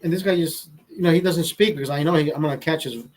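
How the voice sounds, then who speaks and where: A man tells a story in a casual, profane way, his voice sitting a bit higher than most men's. He jumps into the voices of the people he quotes as he goes. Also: quick pace, poor audio. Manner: profane, animated, acts out quotes. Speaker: host.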